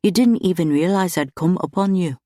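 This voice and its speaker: A woman voicing a gentle male police runner with a deep country voice, speaking slowly and reassuringly. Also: dry recording, studio quality, natural voice.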